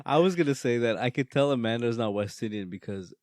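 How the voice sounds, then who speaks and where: A man's voice: mid-range voice, quick pace, a little mellow, no room sound, studio quality. A man co-hosting a casual podcast, teasing the others in slangy banter and laughing often.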